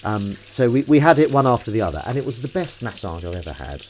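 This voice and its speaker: A man's voice: lowish voice, very animated, fast, a little mellow, slight background noise. A man hosting a livestream, chatting casually and making self-mocking jokes while doing the washing up. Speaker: livestream host.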